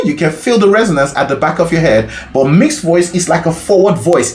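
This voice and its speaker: A man's voice: a little high, animated, moderate pace, hardly any pauses, reverberant, a little hiss or hum. A man teaching a singing lesson as a vocal coach, explaining casually and often checking in with the listener. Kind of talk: singing lesson with sung demonstrations.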